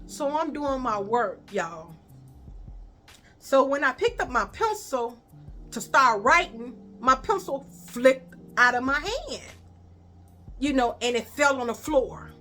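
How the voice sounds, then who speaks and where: Brief: Chicago woman, high voice, animated, swearing storyteller, faint music behind. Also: slow, long pauses. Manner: animated, profane, addresses viewers as y'all. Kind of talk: storytime vlog.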